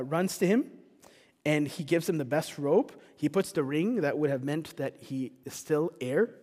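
Earnest preacher man in a reverberant hall. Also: fairly high pitch. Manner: earnest, building to passionate rhetorical questions. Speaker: pastor. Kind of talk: sermon. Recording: long reverb of a church hall.

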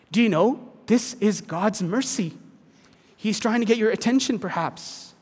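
A man preaching a sermon as pastor, earnest, dropping to a hush and then rising to emphatic points. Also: sits high, normal speed, in a large hall. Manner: earnest, swings between hushed and emphatic.

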